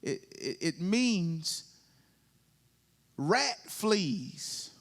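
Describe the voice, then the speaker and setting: A man's voice: sits high, very animated, very slow, fairly bright tone. A male pastor with a Southern US accent preaching a sermon, drawing call-and-response from the congregation and building to sung, rising climaxes.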